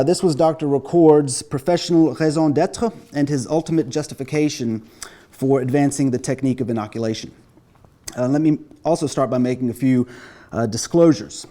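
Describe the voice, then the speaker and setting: Mellow-voiced man giving a lecture. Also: mid-range voice. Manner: measured, self-deprecating, frequent "uh" fillers. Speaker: lecturer, pathologist. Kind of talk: academic lecture.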